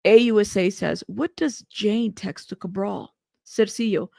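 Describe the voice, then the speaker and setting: A woman's voice: mid-range voice, measured pace, creaky, a little mellow, no room sound, studio quality. A young woman hosting live news commentary, reading court updates aloud and reacting with laughs and asides. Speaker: host reading trial updates.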